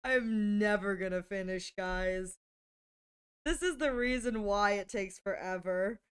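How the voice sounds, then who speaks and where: A woman streamer chatting casually on a live stream, excitable and laughing often, gushing thanks and shrieking in mock horror. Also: mid-range voice, unhurried, clear, resonant tone.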